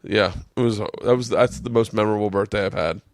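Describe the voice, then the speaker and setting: A man hosting a podcast, telling a story in casual chat, animated and swearing, his voice jumping up when he quotes himself. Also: lowish voice, brisk, no room sound, clean studio sound. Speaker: podcast host. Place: room with family around.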